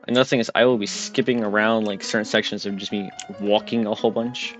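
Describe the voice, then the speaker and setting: A man chatting casually over his own gameplay, joking at his own expense. His voice sits low, and clear game music plays beneath him. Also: fairly even intonation, quick pace. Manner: casual, self-deprecating, chatty. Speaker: game commentator.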